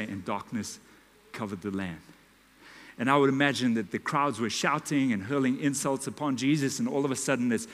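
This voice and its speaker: A man, preaching a sermon in a church and telling a story dramatically, dropping to a hush and rising to loud calls. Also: medium pitch. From South Africa. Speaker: pastor. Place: church auditorium. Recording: live church hall reverb.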